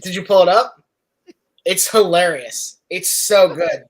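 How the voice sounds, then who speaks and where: A relaxed man chats and jokes on a podcast. His voice sits a little high, and he speaks in an easy, offhand way. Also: unhurried, a crowd in the background. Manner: easygoing, joking. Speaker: podcast co-host. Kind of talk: casual chat.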